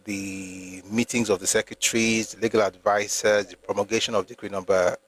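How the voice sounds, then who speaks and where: A man's voice: fairly low pitch, level tone, brisk, a bit bright. A Nigerian man hosting a live stream, reading from history books and arguing pointedly with commenters. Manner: argumentative with commenters, rising to emphatic at times. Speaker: host reading and discussing history with live viewers. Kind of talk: casual live-stream talk with read-aloud passages.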